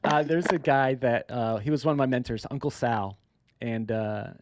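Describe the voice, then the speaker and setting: A man's voice: medium pitch, no echo. Male podcast host, 30s, from South Florida; upbeat, laughs easily. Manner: upbeat, laughs often, quick asides. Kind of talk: casual interview chat.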